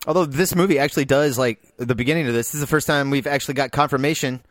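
A man's voice: mid-range voice, racing, no echo, clean studio sound. A man in his forties hosting a casual film podcast, teasing and laughing easily. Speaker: podcast host and film editor.

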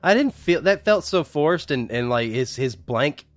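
A man co-hosting a casual movie podcast, excitable and quick to laugh, swearing often. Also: a little high, no echo. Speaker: podcast co-host.

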